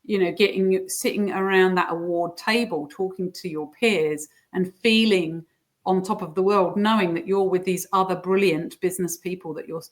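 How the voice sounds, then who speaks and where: Lady coach chatting away, kinda low voice, explains stuff step by step. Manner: explanatory, uses playful squeaky voices for examples. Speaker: guest coach. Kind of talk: casual interview chat.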